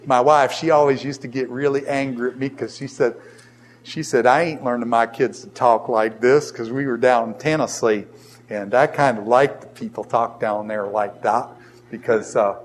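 A man with a Boston accent teaching a Bible lesson to a class, animated and firing rhetorical questions. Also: medium pitch, normal speed.

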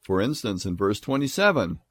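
A man giving a Bible lecture in an earnest way, slowing down and rising sharply on the points he stresses. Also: on the low side, big pitch swings, no room sound. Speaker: Bible teacher.

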